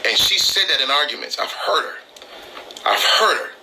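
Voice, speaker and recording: A man's voice: a little high, lively intonation, moderate pace, sharp tone, a little hiss or hum, low-quality recording. Heated, emphatic man on a live stream. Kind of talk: impassioned live-stream talk.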